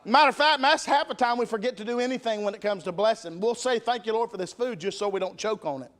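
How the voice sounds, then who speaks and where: A man's voice: high voice, quick pace, fairly bright tone. A man preaching a revival sermon in a church, emphatic and calling for responses from the congregation. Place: church sanctuary.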